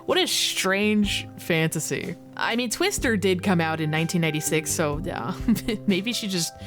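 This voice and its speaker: A young woman narrating a game retrospective with a casual, sarcastic bite. Her voice sits a little low. Faint music runs under her narration. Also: animated, moderate pace. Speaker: video essay host.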